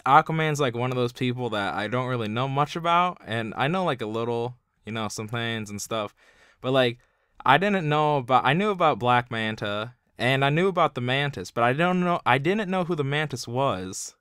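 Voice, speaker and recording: A man's voice: medium pitch, animated, normal speed, fairly bright tone, clean tone, no room sound, clean studio sound. A young man giving a casual spoken review, rambling with constant filler words. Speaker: video reviewer.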